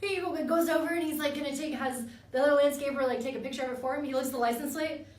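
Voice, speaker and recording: A woman co-hosting a casual chat, teasing and animated as she tells stories with plenty of swearing. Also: sits high, rapid-fire, echoey room, recorded from a distance. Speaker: co-host. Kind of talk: casual banter.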